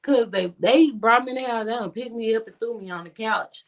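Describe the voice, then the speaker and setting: High-voiced woman telling a story. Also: a little fast. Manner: animated, swings pitch to act out friends' lines. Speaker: podcast guest. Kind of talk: casual storytelling.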